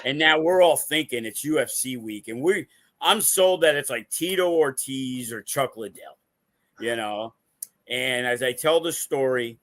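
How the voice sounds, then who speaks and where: Bright-voiced man telling stories. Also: medium pitch. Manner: animated, acts out quotes. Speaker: wrestling promoter and show host. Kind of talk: casual storytelling.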